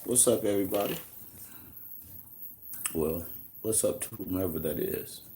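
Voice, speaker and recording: A man's voice: low voice, unhurried, warm tone, slight background noise. Laid-back American man hosting a live chat. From United States. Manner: loose and conversational, greets chatters by name, slangy asides. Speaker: livestream host answering viewer questions. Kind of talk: casual live-stream chat and teaching.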